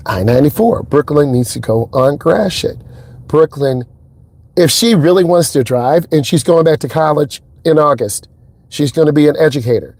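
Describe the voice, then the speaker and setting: A man talking casually as a driving instructor inside a car, telling stories in a lively way and acting out what people said. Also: moderate pace. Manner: animated storyteller, acts out quotes in a higher voice. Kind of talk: casual vlog talk.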